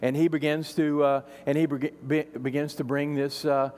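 A man's voice: fairly high pitch, level tone, normal speed, darkish tone, big-room sound. A man preaching an expository sermon as a pastor, emphatic and building up through repeated phrases.

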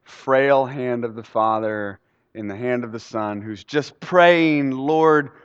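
A man's voice: medium pitch, slow pace, clean tone. A male pastor giving a sermon, telling a story in a conversational way and quizzing the congregation. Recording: echoey hall, dull sound.

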